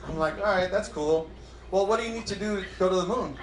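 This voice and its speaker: A high-pitched man performs stand-up with an animated, bouncing delivery, slipping into the voices of his wife and daughter. His voice carries a roomy club echo with faint crowd ambience behind it. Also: noisy background. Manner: animated, acts out dialogue in quick bursts. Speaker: stand-up comedian. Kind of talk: stand-up comedy set. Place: comedy club stage before a live audience.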